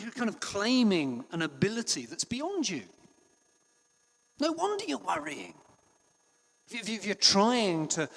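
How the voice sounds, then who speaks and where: A man preaching a sermon in a conversational way, with frequent restarts and passages that drop to a hush. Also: a little high. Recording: long hall reverb.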